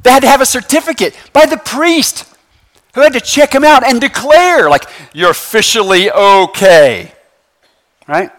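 Lively high-voiced pastor preaching. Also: male voice, moderate pace. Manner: lively, conversational preaching with constant "right?" asides; casual slangy phrasing. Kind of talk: sermon. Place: church sanctuary with congregation.

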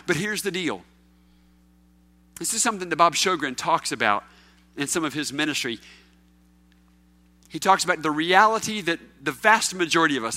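High, bright-voiced preaching man. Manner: animated, swings between loud emphatic questions and quiet low asides. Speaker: pastor. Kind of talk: sermon.

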